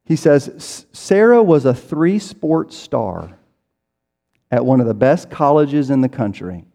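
A man's voice: mid-range voice, big pitch swings, a little slow, gravelly, mellow. A man preaching a sermon in a conversational way, acting out people's inner voices as he goes. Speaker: pastor. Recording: reverberant hall.

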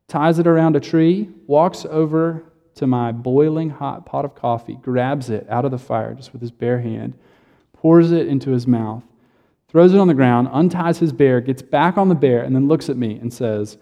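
A man's voice: medium pitch, mellow, in a large hall, lo-fi sound. A man preaching a sermon, praying, then telling a made-up story in a casual, joking, self-correcting way. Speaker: pastor.

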